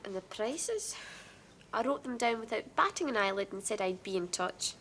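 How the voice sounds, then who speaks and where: A woman's voice: mid-range voice, moderate pace, a little hiss or hum, close to an everyday voice. A young woman with a Scottish accent playing a cheerful, determined Glasgow teenage girl in a family drama. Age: young adult. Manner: lively, joking, self-mocking. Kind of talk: 1980s television drama acting.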